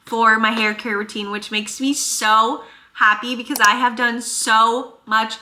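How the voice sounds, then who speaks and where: A young woman from northern Minnesota, a chiropractor chatting casually to her vlog audience, animated and emphatic. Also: a little high, unhurried, slight background noise. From northern Minnesota, USA. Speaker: chiropractor and vlogger. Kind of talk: casual get-to-know-me chat.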